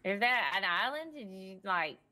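A woman's voice: mid-range voice, very animated, moderate pace, pushed and bright. A woman voicing a ditzy, chatty young woman in a roleplay game, wandering off mid-sentence. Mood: airy chatty. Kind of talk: in-character roleplay chat.

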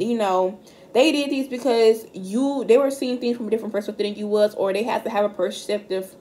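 A woman's voice: mid-range voice, a little mellow, slight background noise. A woman giving a casual tarot reading straight to camera. She is blunt and profane and talks directly to her viewers. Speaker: tarot card reader. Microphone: camera mic.

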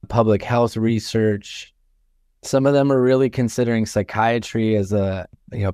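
A man with a low, resonant voice talks through his teaching in a measured, thoughtful way, often pausing on "you know" and "um". He is from Florida and sounds like a university professor. The recording is dry and close to the mic. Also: darkish tone, clear, resonant tone, dry recording. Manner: thoughtful, measured, many fillers. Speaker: guest, chemistry professor. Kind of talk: casual interview talk.

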